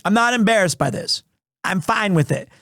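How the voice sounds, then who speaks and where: A man in his thirties streaming live, chatting casually in a rambling, animated way with restarts, recovering from asthma and clearing his throat. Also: high-pitched, moderate pace, noisy background. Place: small home room.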